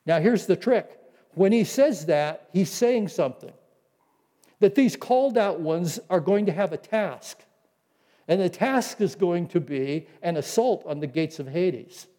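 A man preaching a teaching sermon, quoting scripture in a slower, softer voice. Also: high-pitched, expressive, big-room sound. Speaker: pastor.

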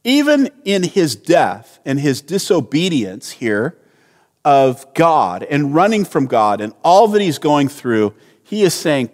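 A man preaching a sermon as pastor, earnest and unhurried, often restarting his phrases. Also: fairly high pitch, big pitch swings, darkish tone, long reverb tail.

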